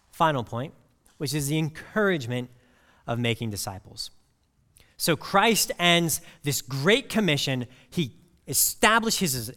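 Animated preacher in a reverberant hall. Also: male voice, a little high. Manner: conversational preaching with anecdotes. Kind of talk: sermon.

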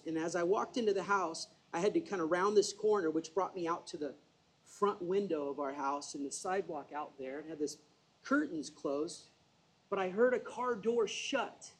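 A man with a slightly high, husky voice preaches by telling a story from his own life. He talks in a loose, conversational way, full of energy, and pokes fun at himself as he goes. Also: normal speed, poor audio. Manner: animated, conversational storytelling with self-deprecating asides. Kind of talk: sermon storytelling.

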